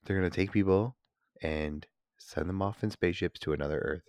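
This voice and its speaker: Male, low gravelly voice, lively inflection, dry sardonic co-host delivery. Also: fairly quick, dry recording. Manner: skeptical, sardonic, profane. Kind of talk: casual chat.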